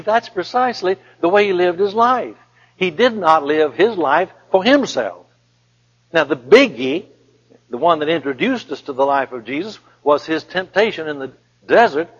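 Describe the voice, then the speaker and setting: A male preacher delivers an emphatic sermon, reading scripture aloud and repeating his phrases slowly for weight. His voice sits a bit high and sounds husky. The recording is dull and lo-fi, with a long reverb from a large hall.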